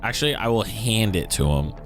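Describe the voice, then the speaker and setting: A man's voice: lowish voice, animated, brisk, music in the background. A man playing a tabletop role-playing game, talking casually and hesitantly with many fillers. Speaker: player.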